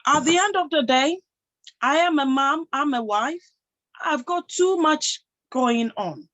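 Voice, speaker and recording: A woman's voice: high voice, takes it slowly, fairly bright tone, poor audio. A woman giving a motivational talk to an audience, emphatic, posing rhetorical questions and answering them herself. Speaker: motivational speaker and health professional.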